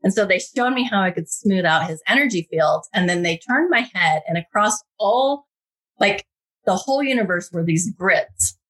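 A woman on a podcast telling a personal story in a casual, animated way, acting out the quotes. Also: normal speed. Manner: animated, acts out quotes with big pitch jumps. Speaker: guest, intuitive reader.

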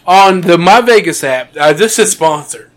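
A man chatting excitably as a podcast cohost, often laughing. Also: high voice, normal speed. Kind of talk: casual podcast chat.

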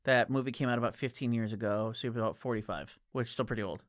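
A man chatting casually about a book, retelling scenes with lively quoted dialogue. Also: medium pitch, rapid-fire, no echo, clean studio sound. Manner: animated retelling, quoting characters. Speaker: podcast co-host discussing a book. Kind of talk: casual chat.

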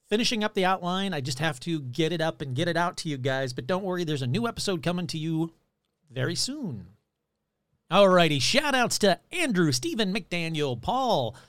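A man hosting his own podcast in a chatty, rambling way, reading out shout-outs and plugs. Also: sits high, dry recording. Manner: chatty, rambling, animated delivery. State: losing his voice. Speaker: podcast host. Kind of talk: casual podcast chat.

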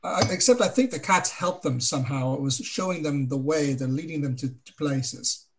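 A man's voice: a little high, moderate pace. Rambling man playing a tabletop game. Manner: rambling, hesitant, many fillers. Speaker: player. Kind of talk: in-character tabletop play.

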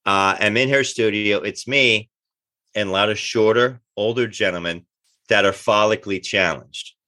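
A middle-aged man, telling animated anecdotes in an interview and acting out the dialogue he quotes. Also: fairly low pitch, normal speed, no echo. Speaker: actor guest. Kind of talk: casual interview storytelling.

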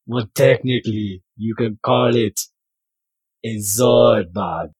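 A man voicing a laid-back male sidekick in a put-on Jamaican accent, drawling slowly and ending lines with "man". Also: fairly low pitch, darkish tone, husky, no echo, pitched below the performer's own voice. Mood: easygoing.

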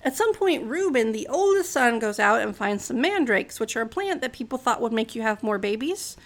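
High-voiced woman with some vocal fry, casual Bible storyteller, chatty and wry. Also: sing-song, moderate pace. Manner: chatty, with fillers and wry asides.

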